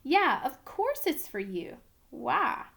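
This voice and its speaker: A woman's voice: sits high, very animated, takes it slowly, vocal fry, a bit bright, heavily acted. A woman reading aloud, voicing a confident schoolgirl who speaks bluntly but kindly. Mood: breezy.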